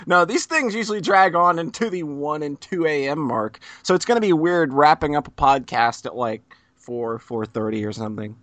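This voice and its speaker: A man's voice: on the high side, normal speed, fairly bright tone, no room sound. A man hosting a podcast in a casual, teasing, joking way. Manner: joking, teasing, frequent laughs. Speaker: podcast host.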